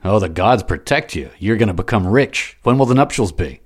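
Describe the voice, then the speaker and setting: A man voicing a jovial, talkative Gaul soldier in a storybook reading, eager and quick. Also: on the low side, animated, slightly rough. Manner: hearty, eager, fast.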